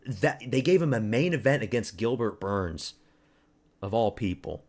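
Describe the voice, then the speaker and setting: A man's voice: lowish voice, lively intonation, normal speed, darkish tone. A young man from Canada chatting casually on a live stream, rambling and crude, mocking fighters and talking to his chat.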